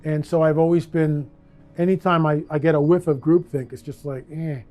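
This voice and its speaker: American guy telling an interview story, animated, kinda high mellow voice, soft music behind. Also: moderate pace. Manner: animated, acts out voices when retelling.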